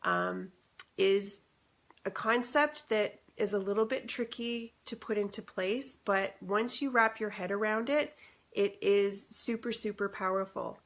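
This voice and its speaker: A woman's voice: mid-range voice, unhurried, a bit bright. A woman talking casually in a live stream as a spiritual coach, reflective and chatty, with many fillers, into a phone or webcam at home.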